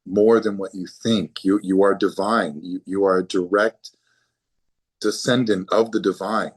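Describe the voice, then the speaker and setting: A man's voice: low-pitched, fairly even intonation, unhurried, husky. A man speaking as a physician guest in an interview, earnest and often repeating words as he starts a thought. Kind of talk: conversational interview.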